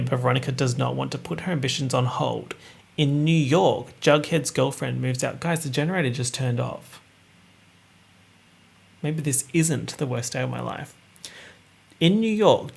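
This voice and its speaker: A man's voice: mid-range voice, vocal fry, fairly bright tone. A young man hosting a casual podcast, reading out a plot summary with sarcastic asides. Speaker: podcast host.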